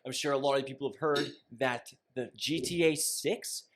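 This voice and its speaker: A man's voice: mid-range voice, steady tone, normal speed. A man, co-hosting a podcast in rambling, joking, profane casual chat. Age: 20s. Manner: rambling, joking, swears freely. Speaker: podcast co-host.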